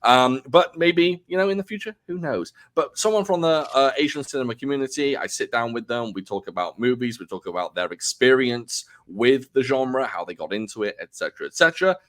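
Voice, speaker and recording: A man's voice: medium pitch, lively intonation, brisk, hardly any pauses. A man hosting a casual interview podcast, rambling a little and interrupting himself with fillers. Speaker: podcast host.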